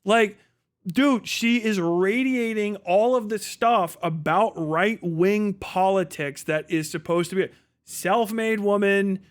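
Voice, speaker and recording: A male streamer talks through a debate in a loose, casual livestream style. His voice sits fairly high for a man, and he swears freely. He acts out the people he quotes in quick bursts. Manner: profane, animated retelling with quoted voices.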